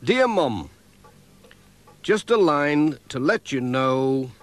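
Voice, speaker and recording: Cartoon postman, a man doing a cheerful villager, easygoing, slow and lively. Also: a little high, heavily acted. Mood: helpful. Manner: good-natured, easygoing. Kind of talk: children's animation voice acting.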